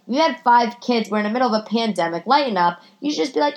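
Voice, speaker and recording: A woman's voice: on the high side, lively intonation, quick pace, few pauses. A woman hosting her podcast alone from her living room, talking into a computer microphone in a rambling, profane, self-mocking comedic monologue full of restarts. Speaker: podcast host.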